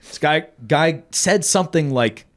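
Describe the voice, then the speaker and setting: A man telling a story on a podcast in a casual, profane, animated way, often laughing as he talks. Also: a little high, a little slow. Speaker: podcast co-host.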